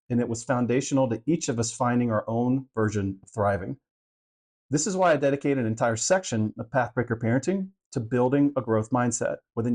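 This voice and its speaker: A man's voice: mid-range voice, a little mellow. Earnest man presenting his book. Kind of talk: scripted presentation.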